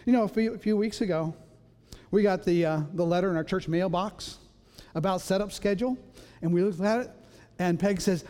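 Casting note: high-pitched male pastor, playful storyteller who acts out voices, long church echo. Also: expressive, brisk, mellow. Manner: storytelling, acts out voices, self-mocking humor. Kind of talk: sermon. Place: church sanctuary. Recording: long reverb of a large hall.

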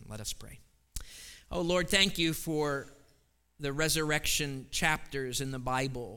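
A man, a pastor, preaching a sermon with scripture reading and prayer, building to loud, emphatic repeated phrases in a church. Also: a little high, smooth. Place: church sanctuary. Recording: long reverb of a large hall.

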